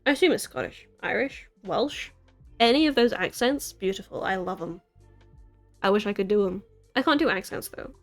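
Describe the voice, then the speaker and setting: A woman's voice: medium pitch, expressive, normal speed, soft background music. A young American woman in her twenties, chatting casually on a live stream from her city apartment, rambling and giggling at herself. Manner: rambling, giggly, self-deprecating. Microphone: desk mic.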